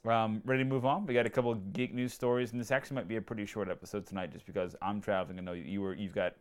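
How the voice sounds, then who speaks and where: A man's voice: fairly low pitch, fairly even intonation, racing. A man co-hosting a podcast, chatting easily and joking with his co-host. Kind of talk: casual chat.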